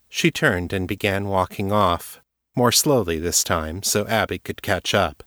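A man giving a steady, measured scripted narration of a fantasy story. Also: sits low, no room sound, studio quality. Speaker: audiobook narrator.

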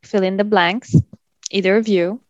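A woman co-hosts a casual legal podcast, walking her co-hosts through a point of law with a playful, teasing edge. Her voice sits at a middle pitch. The sound is dry and close, with no room around it. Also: steady tone, normal speed, darkish tone, no echo, highs cut off. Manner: playful, teasing while explaining. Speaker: podcast co-host.

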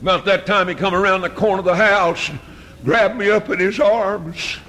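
A middle-aged man preaching a fiery storytelling sermon, moving from hushed tales to shouted exhortation. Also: sits high, moderate pace.

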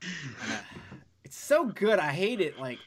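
A man's voice: on the high side, very animated, slow pace, crowd noise. A man hosting a podcast in casual chat, loose and profane with lots of filler words. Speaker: podcast host.

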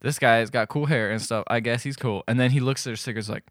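A man's voice: medium pitch, steady tone, quick pace, a bit bright, no echo, clean studio sound. A young man casually retelling a film scene on a podcast, laid-back and swearing as he acts out his reactions. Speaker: podcast co-host. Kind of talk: casual movie recap chat.

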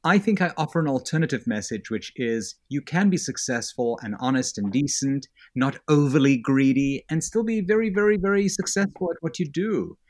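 South African man, earnest and measured. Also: mid-range voice. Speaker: real estate agent. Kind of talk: interview answers.

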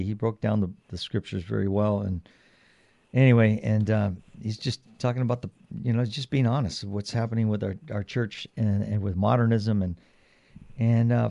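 A man co-hosting a Catholic talk show, speaking haltingly with many pauses and fillers. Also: on the low side, gravelly, warm tone, no room sound. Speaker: Catholic radio co-host. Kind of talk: casual faith talk show chat.

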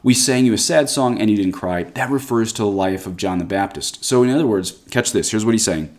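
A man's voice: fairly low pitch, fairly quick, darkish tone. A man who is a Catholic priest, giving a conversational scripture commentary, reading quotations aloud and then explaining them in an earnest way.

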